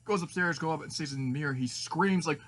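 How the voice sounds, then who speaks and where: A man's voice: on the high side, quick pace, fairly bright tone. Rambling young man telling a story idea. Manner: rambling, full of restarts and fillers. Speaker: fan video maker. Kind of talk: retelling a fan story idea.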